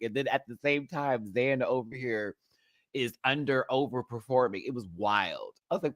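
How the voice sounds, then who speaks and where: A man hosting a casual live review, campy and sassy, laughing often and swinging his pitch wildly. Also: moderate pace, no room sound, clean studio sound. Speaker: show host, reality TV reviewer.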